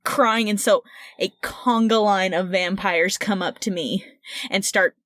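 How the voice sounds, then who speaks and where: A woman co-hosting a podcast, telling a story in an excited, laughing way with quick restarts. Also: medium pitch, no room sound, studio quality. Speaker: podcast co-host. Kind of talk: casual storytelling chat.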